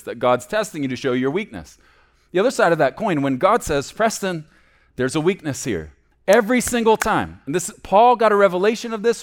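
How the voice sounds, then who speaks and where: A man preaching a sermon as a pastor, swinging between loud emphasis and hushed low asides.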